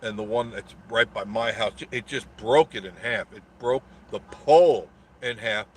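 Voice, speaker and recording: A man's voice: lowish voice, normal speed, slight background noise. A man hosting a casual live stream, telling a rambling story with a sarcastic edge and greeting viewers in the chat.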